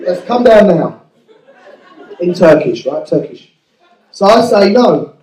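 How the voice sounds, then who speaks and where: A man's voice: high-pitched, sing-song, slow, long pauses, dark tone, echoey room, distant mic, poor audio. A man doing a stand-up routine, telling a childhood story in a crude, self-mocking way. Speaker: stand-up comedian.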